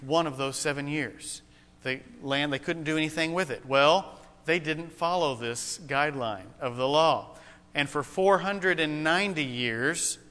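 Emphatic preacher, bright voice, hall echo. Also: male voice, fairly high pitch, clear, resonant tone. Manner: emphatic, slows down for weight. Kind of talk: sermon. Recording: long hall reverb.

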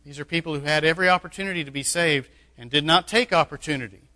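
A man's voice: a little high, quick pace, pushed and bright. A man preaching a sermon as pastor, emphatic, with joking asides. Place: church sanctuary. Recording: echoey hall.

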